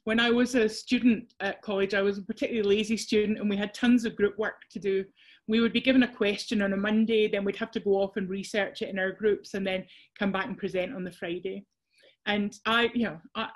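A Scottish woman presenting a workshop over a video call, chatty and self-deprecating with frequent restarts. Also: medium pitch.

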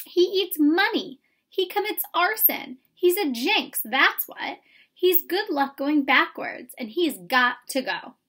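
A woman's voice: on the high side, very slow, hardly any pauses, bright, forceful tone, exaggerated voice. A woman voicing a stubborn, scolding mother in a storybook reading, firm and final. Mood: stern. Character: stern, stubborn mother who runs a newsstand.

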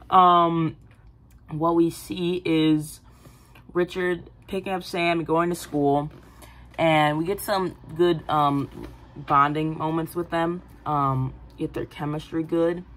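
A woman casually pitching a film idea, rambling with many fillers and giggly asides. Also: fairly even intonation, slow, fairly bright tone, poor audio. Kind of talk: casual movie-pitch chat.

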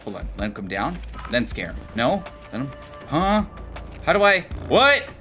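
A man hosting gameplay in voice chat, excitable and jokey, swearing often. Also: medium pitch, moderate pace, faint music behind. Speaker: gameplay video host. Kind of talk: gaming voice chat.

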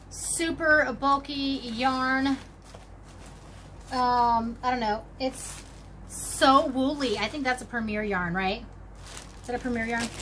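Bubbly high-voiced woman showing off yarn. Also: fairly bright tone, slight background noise. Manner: chatty, bubbly, talks to viewers while rummaging. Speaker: crochet channel host. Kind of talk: casual show-and-tell vlog.

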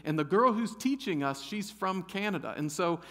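Animated pastor in a reverberant church hall. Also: male voice, sits high, normal speed. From Ohio. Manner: animated, humorous storyteller. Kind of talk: storytelling sermon. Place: church sanctuary.

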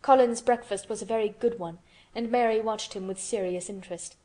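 Audiobook narrator, woman, mid pitch, steady measured reading. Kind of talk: scripted narration.

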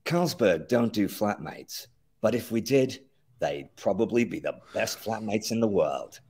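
A man putting on the voice of a smooth male beer commercial announcer, with vowels bent so no English-speaking country would claim the accent. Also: lowish voice, animated, unhurried, darkish tone, slight background noise.

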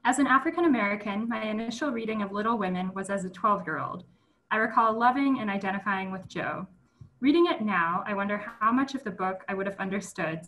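A woman moderating a panel, reading audience questions aloud in a steady way. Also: medium pitch, low-quality recording.

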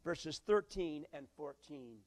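A man preaching a sermon as pastor. He swings from loud bursts to hushed lines and acts out quoted voices. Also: a little high, expressive, slow pace.

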